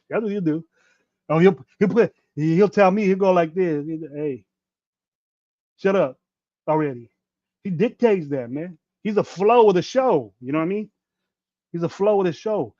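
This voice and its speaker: A man's voice: sits high, lively intonation, normal speed, warm tone, no room sound. A man in his fifties hosting a sports podcast, ranting bluntly with plenty of profanity and rambling restarts. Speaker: podcast host. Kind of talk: casual livestream rant. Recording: dull dry lo-fi mic.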